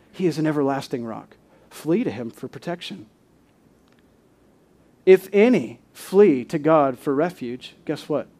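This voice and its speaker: A man preaches from the pulpit in a slightly higher register. He presses his points with rising rhetorical questions. He reads passages of scripture aloud between them. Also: mellow. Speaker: pastor. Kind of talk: sermon.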